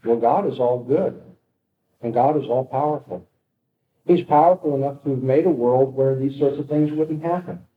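A man's voice: medium pitch, normal speed, a little hiss or hum. Man lecturing, reading aloud dramatically. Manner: dramatic reading with rising intensity. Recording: echoey, tinny phone-like audio.

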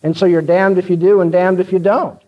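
A male preacher delivers a sermon in an earnest, direct manner, walking listeners through his point. His voice runs fairly high. The recording sounds dull and lo-fi. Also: flat delivery, fairly quick, in a large hall.

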